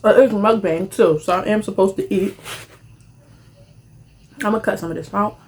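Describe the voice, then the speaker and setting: A young woman, casually telling a rambling storytime while eating, animated and full of slang, jumping to high squeals when excited. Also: normal speed. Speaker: vlogger.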